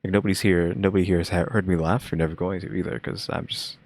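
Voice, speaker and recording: Low-voiced guy, deadpan dry humor, rambles a bit in a casual chat. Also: fast talker, dry recording. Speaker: co-host.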